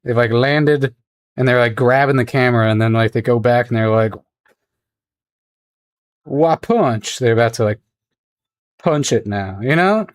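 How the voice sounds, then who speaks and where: A man's voice: medium pitch, moderate pace, no room sound. A man chatting casually with his viewers on a livestream while he draws, rambling and laughing often. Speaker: streamer.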